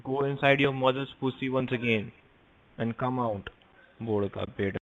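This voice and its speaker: A man's voice: medium pitch, normal speed, a bit bright. A man on a phone call, angry and abusive in broken English. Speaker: scammer on a call. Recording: muffled phone-line audio.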